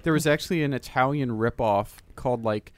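A man's voice: medium pitch, brisk. A man on a casual movie podcast sharing film trivia with many fillers. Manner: trivia-telling, filler-heavy.

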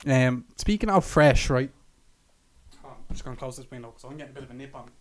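A man's voice: mid-range voice, very noisy. A young man hosting a podcast, chatty and joking as he steers the talk to the next question. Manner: chatty, quick to joke, leads the questions. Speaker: podcast host. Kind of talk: casual chat.

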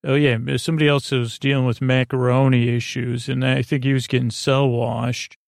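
A man hosting a podcast, recapping a TV episode as a meandering bedtime story, halting often with filler pauses. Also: mid-range voice, level tone, gravelly, dry recording, clean studio sound. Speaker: podcast host.

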